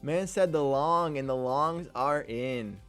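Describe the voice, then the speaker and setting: A man hosts a live day-trading stream, speaking slowly in a fairly high, bright, smooth voice over soft background music. He chats casually and hypes up his viewers with slangy, upbeat talk, calling them "King."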